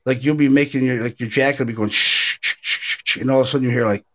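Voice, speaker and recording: Guy hosting a paranormal chat, rambling and animated, lots of uhs. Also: mid-range voice, rapid-fire. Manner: animated storyteller, many fillers and restarts. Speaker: podcast host, paranormal investigator. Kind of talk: casual chat.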